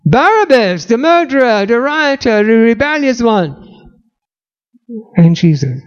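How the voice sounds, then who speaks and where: A man's voice: very high-pitched, big pitch swings, a little slow, long pauses, smooth, dull audio. A man preaching a sermon dramatically, using rhetorical questions.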